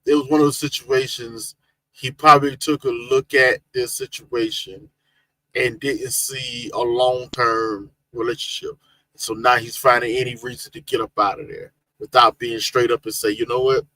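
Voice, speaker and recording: A man's voice: medium pitch, little pitch movement, normal speed, sharp tone, no echo, low-quality recording. A man co-hosting a casual livestream chat, easygoing, laughing often and restarting his sentences. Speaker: podcast co-host.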